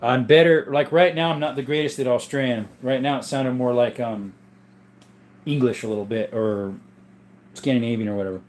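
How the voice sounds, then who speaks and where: A man's voice: medium pitch, moderate pace. A man hosting a casual live chat, reading viewer comments aloud and answering in a laid-back, rambling way, his voice strained and worn. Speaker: livestream host and gun collector. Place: home room with a gun collection.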